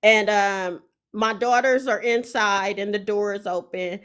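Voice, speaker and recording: A middle-aged woman telling a story in an animated, profane way, full of emphatic repetition. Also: medium pitch, a little slow, clear, resonant tone.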